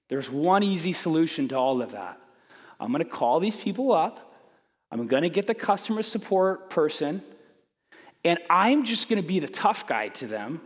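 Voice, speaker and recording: A man preaching a sermon with humorous storytelling. He is animated and self-mocking, acting out the voices in his stories. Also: high voice, long reverb tail. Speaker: pastor.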